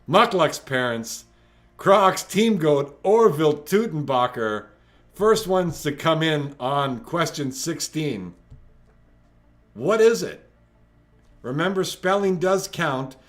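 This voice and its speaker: Slow-talking, lively joking male quiz host. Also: on the high side. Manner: joking, chatty, teasing players. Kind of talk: live-streamed trivia hosting. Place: at home.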